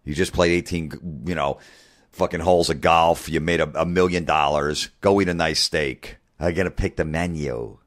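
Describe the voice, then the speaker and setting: A man's voice: a bass voice, steady tone, moderate pace. A man hosting a podcast, talking casually in a profane, ranting, sarcastic way. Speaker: podcast host.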